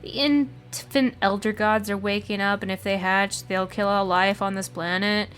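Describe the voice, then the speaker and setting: A woman's voice: mid-range voice, steady tone, normal speed, a bit bright, close to an everyday voice. A woman voicing an earnest knight with an urgent mission, explaining the danger plainly.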